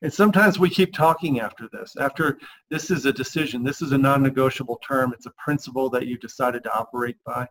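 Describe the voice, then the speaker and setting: A man coaching husbands on a podcast, emphatic and lively, acting out the lines he quotes. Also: medium pitch, fast talker, rough recording. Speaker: relationship coach.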